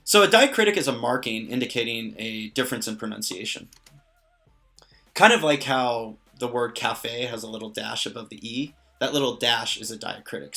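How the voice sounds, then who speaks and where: A man's voice: medium pitch, sharp tone. Patient man teaching a made-up language. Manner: patient, explains step by step with small jokes. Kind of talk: casual spoken language lesson.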